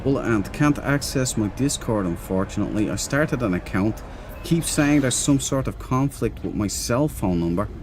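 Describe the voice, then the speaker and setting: A man's voice: mid-range voice, expressive, moderate pace, slight background noise. A man streaming a game, chatting loosely with viewers, rambling and laughing easily. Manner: rambling, chatty, reads and answers chat. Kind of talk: casual live-stream chat.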